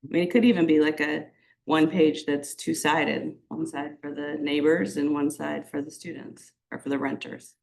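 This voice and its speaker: A woman speaks at a town committee meeting in a casual, joking way, often trailing off into "I don't know." Her voice is very low with a gravelly fry. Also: level tone, normal speed, a little mellow.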